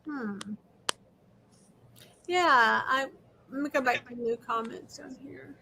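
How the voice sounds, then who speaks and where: A middle-aged woman chats casually as host of a livestream. Her voice sits high and sounds bright and ringing. She talks loudly and fast, pushing through the audio trouble. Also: gravelly, slight background noise. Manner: loud, talking over audio trouble, chatty.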